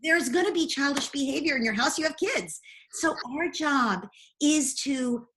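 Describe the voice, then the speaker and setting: A woman guest in an interview, earnestly explaining parenting advice step by step. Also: sits high. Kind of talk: interview answers.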